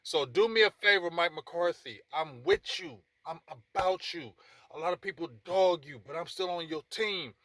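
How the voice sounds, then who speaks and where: A man's voice: on the high side, normal speed, a bit bright, no room sound. A man hosting a sports talk show, speaking in a passionate, emphatic, repetitive way and addressing people directly. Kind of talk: casual sports commentary monologue.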